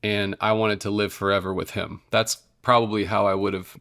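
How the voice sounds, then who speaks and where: A man's voice: on the low side, flat delivery, a little fast. Earnest man telling his faith story. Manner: earnest, warm, filled with "you know" and restarts. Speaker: worship leader and guest. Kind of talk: casual storytelling interview.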